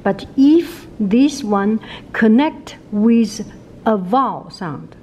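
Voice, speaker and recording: Slow, mellow Chinese-accented woman teaching. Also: a little high, lively intonation, slight background noise, low-quality recording. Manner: repeats sounds many times, slow and patient. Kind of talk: casual video lesson.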